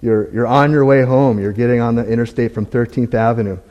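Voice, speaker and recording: A man giving a candid, self-deprecating testimony in church, talking in a halting, conversational way with many restarts. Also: mid-range voice, fairly even intonation, darkish tone, dull audio. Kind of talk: conversational sermon talk.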